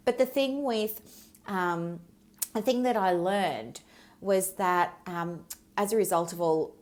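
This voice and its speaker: This business mentor hosts her own solo podcast, her lowish voice carrying a darkish tone. She's middle-aged and recounts an episode from her practice in an open, conversational way, often straying into side topics.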